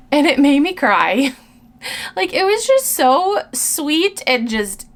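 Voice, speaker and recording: A woman's voice: sits high, big pitch swings, slow pace. A young woman from the United States answering viewer questions in a casual, rambling chat, often breaking off and laughing at herself. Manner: chatty and rambling, with frequent laughs and self-interruptions.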